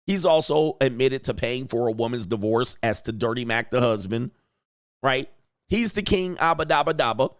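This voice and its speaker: A man's voice: mid-range voice, lively intonation, moderate pace, smooth, no room sound, studio quality. A man hosting a casual reaction commentary, slangy and often laughing and exclaiming. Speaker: commentary channel host.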